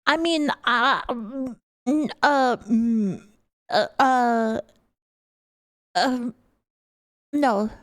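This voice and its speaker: A woman's voice: on the high side, very slow, pauses often, dry recording, clean studio sound. A young British woman streaming live, chatting casually and giggling as she greets her viewers. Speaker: VTuber streamer.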